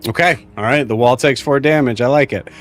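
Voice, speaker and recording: A man narrating as game master of a tabletop role-playing game, casual and halting with many fillers. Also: mid-range voice, fairly bright tone, faint music behind.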